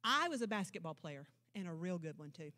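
A woman pastor preaches a very animated, slightly fast sermon at a church service. She shifts from loud proclamations to low, intense asides, punctuated by emphatic declarations and rhetorical questions.

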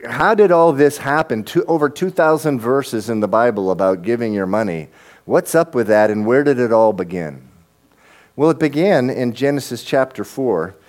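A middle-aged man preaching a sermon as pastor, earnest and halting, often repeating words as he starts a sentence. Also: lowish voice, a little mellow.

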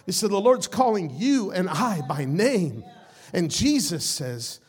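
A young man with a strikingly high voice preaches a passionate sermon. He moves between quiet, intimate storytelling and loud, sing-song exhortation. His talk stays casual, dotted with "man" and "like". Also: very animated, normal speed, breathy edge. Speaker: pastor. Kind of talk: Easter sermon.

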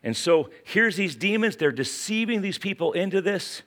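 A man with a West Virginia accent preaching a sermon, dropping to quiet asides and then rising to urgent, emphatic calls. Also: high-pitched, lively intonation, moderate pace. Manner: dramatic swings from hushed asides to urgent exclamations. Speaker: pastor.

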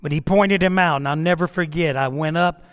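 A man's voice: fairly high pitch, brisk, a bit bright, clear, resonant tone, big-room sound. A middle-aged man, a pastor telling a story in a sermon with emphatic, dramatic delivery.

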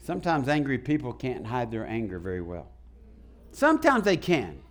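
A man's voice: mid-range voice, wildly swooping pitch, normal speed. A man preaching a sermon to his congregation in a church, calling out questions to the people. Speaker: pastor. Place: church sanctuary.

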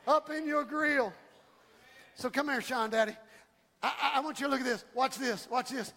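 A male pastor delivering a fiery sermon in a high, bright voice. He swings from quiet, close explanation to full-throated shouts and calls on his listeners to repeat after him. The sound rings with long reverb, as in a large church hall. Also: steady tone, brisk, gravelly. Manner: impassioned, rising to shouts; calls for congregation responses.

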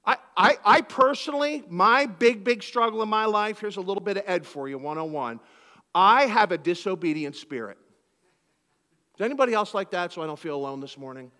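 A male pastor from Philadelphia giving an animated sermon in a church, acting out conversations as he preaches. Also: high voice, fairly quick, big-room sound.

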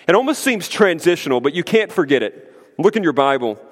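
A man preaching a sermon as pastor, emphatic and conversational, with lively asides to the congregation. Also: a little high, fairly quick. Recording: long hall reverb.

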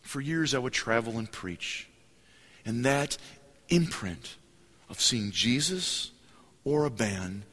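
A man preaching a sermon as a story, animated and acting out voices and cheers in a large church hall. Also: medium pitch, slow, long pauses. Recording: hall reverb, live sermon.

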